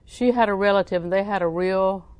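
A woman's voice: medium pitch, a little fast, darkish tone, clean tone, dry recording. A woman preaching a sermon, telling folksy stories with frequent laughs and repeating scripture lines for emphasis.

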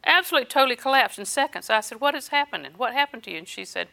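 A woman's voice: high voice, animated, very fast, vocal fry, pushed and bright. An older woman minister preaching a sermon, telling personal stories with quoted dialogue and occasional laughter.

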